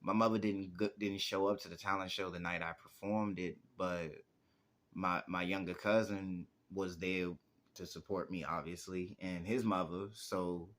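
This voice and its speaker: This producer-rapper in his twenties has a low, fairly bright voice, speaking steadily at normal speed. In a casual interview, he tells meandering stories packed with "like."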